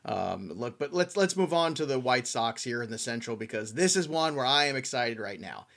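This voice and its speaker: A man's voice: mid-range voice, vocal fry. A man co-hosting a sports betting podcast, chatting casually and getting enthusiastic and jokey about his picks. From American Midwest. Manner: enthusiastic, animated, quick to joke.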